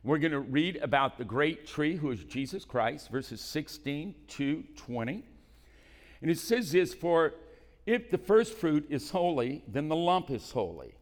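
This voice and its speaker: A man's voice: on the high side, a little slow. Preaching man in a reverberant church. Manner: builds from calm reading to loud shouted preaching. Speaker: pastor. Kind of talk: sermon. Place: church hall.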